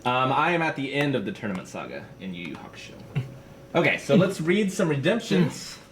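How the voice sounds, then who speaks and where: A man's voice: medium pitch, very animated, brisk, slight background noise. A man co-hosting a casual podcast, upbeat as he reads out viewer donations and messages. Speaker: podcast co-host reading donations. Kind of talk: casual chat.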